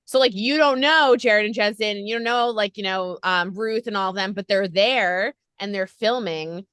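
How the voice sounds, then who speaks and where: A woman's voice: medium pitch, moderate pace, a bit bright, clean tone, dry recording, clean studio sound. A woman interviewing a guest over a video call, chatty and rambling. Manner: chatty, rambling, lots of fillers. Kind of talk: casual interview chat.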